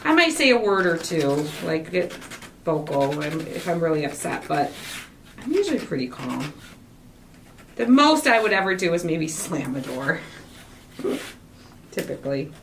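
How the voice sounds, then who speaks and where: A woman's voice: sits low, sing-song, measured pace, long pauses, a bit bright. A woman hosting a crafting livestream, chatting in a gushing, rambling way while she works. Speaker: craft show host. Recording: distant mic with faint noise.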